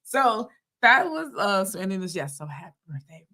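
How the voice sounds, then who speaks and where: A woman co-hosting a casual faith and news chat, relaxed and talking straight to her listeners. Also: mid-range voice, normal speed. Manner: relaxed, talks straight to listeners, often says y'all. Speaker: co-host of a weekly faith and news show.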